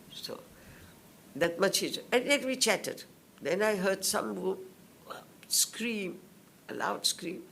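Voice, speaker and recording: An older woman from India giving spoken testimony at a public hearing, telling her story slowly and in detail and acting out what others said. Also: mid-range voice, animated, gravelly, a little hiss or hum. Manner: slow, detailed storytelling that acts out others' words.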